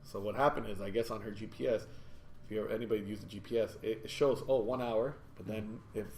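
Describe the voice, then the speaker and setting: A man's voice: on the low side, fast, slight background noise. Man telling rambling stories in an echoey room. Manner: rambling, animated anecdotes with laughs and restarts. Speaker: podcast host and store owner. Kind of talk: casual storytelling chat. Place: his store.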